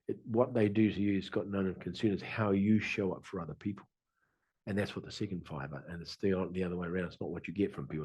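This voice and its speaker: A man's voice: lowish voice, a little mellow, breathy edge. A middle-aged man, a qigong teacher, talking casually on a video call, rambling and repeating himself as he explains. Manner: rambling storyteller, laughs often, repeats himself.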